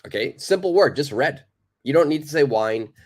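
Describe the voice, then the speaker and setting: A man's voice: fairly high pitch, lively intonation, moderate pace, darkish tone. A man teaching a live online English lesson, patiently reading out viewers' answers, praising them and explaining simple phrases.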